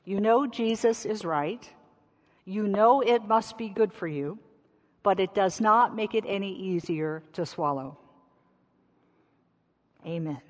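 A woman's voice: medium pitch, takes it slowly, pauses often, in a large hall. A woman pastor giving a chatty sermon with rhetorical questions in a church sanctuary.

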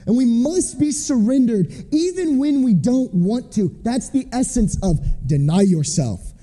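A man's voice: very high-pitched, expressive, a little slow, mellow. A man preaching a sermon in a conversational storytelling way, acting out the voices of the people he quotes. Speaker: preacher, missionary. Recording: long reverb of a large hall.

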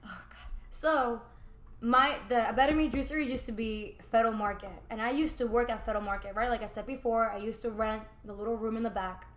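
Animated woman telling a story, roomy echo. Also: on the high side, brisk. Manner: animated, slangy, lots of "like". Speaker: juice bar owner. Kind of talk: storytelling in casual podcast chat.

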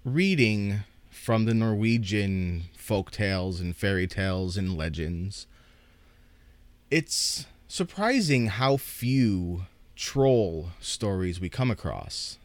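A man reading folk tales aloud as a storyteller, in a measured and expressive way. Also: on the low side, no room sound. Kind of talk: unhurried storytelling narration.

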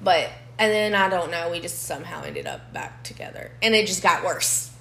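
Here a young woman co-hosts a podcast, trading casual stories with animated bluntness and free swearing. Her voice is fairly low and gravelly at a normal speed. The recording has an echoey room sound and slight background noise.

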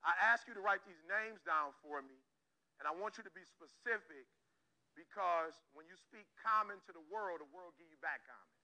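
High, bright-voiced motivational speaker. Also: male voice, moderate pace, poor audio. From Detroit, Michigan, USA. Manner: emphatic, repetitive, addresses listeners directly. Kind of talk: motivational talk to an audience.

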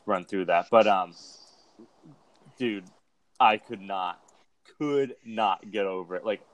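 Low-voiced casual male podcaster. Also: slow pace, a bit bright, muffled recording. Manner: laid-back, swears freely, loose rambling delivery. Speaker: podcast co-host. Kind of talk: casual chat.

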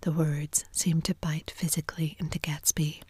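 A woman reading a novel aloud in a soft, even whisper, a whispered role-play storytelling. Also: low voice, normal speed, slightly rough, no echo. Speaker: narrator.

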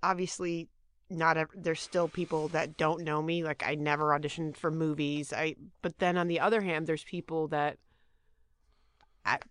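A woman's voice: low-pitched, fairly even intonation, moderate pace, fairly bright tone, dry recording. A middle-aged woman, a guest on a podcast, chatting casually and rambling, often restarting her sentences. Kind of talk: casual chat.

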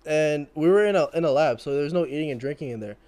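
A man's voice: fairly high pitch, expressive, fast, darkish tone. Young man telling a story, laughing. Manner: laughing, self-mocking storytelling. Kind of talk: casual chat.

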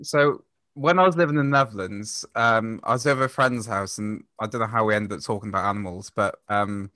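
A man with a bright, forceful voice, recorded dry and close with no room sound. He explains things patiently on a casual podcast, stopping often for ums as he finds his words. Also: on the low side, fairly quick, no room sound. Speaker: podcast guest. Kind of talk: casual chat, storytelling.

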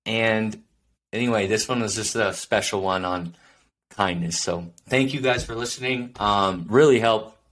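Man, fairly low voice, solo podcast host, earnest, rambling, reflective, lots of fillers. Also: measured pace, a bit bright.

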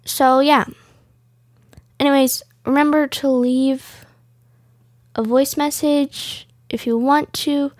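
A woman's voice: sits high, fairly even intonation, slow pace, long pauses, a little mellow, no room sound, clean studio sound. A woman hosting a casual podcast, rambling along with plenty of "like" fillers. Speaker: podcast host.

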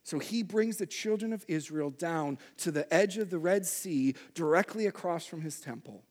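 Young male pastor, slightly high voice, conversational sermon with big animated swings. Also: normal speed. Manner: conversational, animated with acted-out outbursts.

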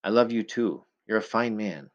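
A man reading as a quiet, lonely woman of the wilds. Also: lowish voice, lively intonation, normal speed, lo-fi sound, close to an everyday voice. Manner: quiet, soft-spoken. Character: lonely, gentle, sensible woman living in the wild.

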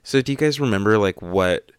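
A man's voice: on the low side, animated, brisk. A young man co-hosting a podcast, chatting casually and telling stories with many filler words. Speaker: podcast co-host. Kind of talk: casual chat.

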